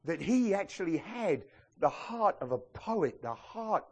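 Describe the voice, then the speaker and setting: A middle-aged male pastor preaching a sermon in a lively way, acting out Bible figures as he tells their stories. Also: high-pitched, measured pace.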